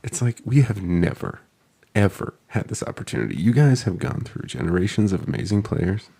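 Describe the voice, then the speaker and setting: Man, podcast co-host, low gravelly husky voice, laid-back fan banter, laughs easily. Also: sing-song, brisk, dark tone. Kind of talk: casual sports podcast chat.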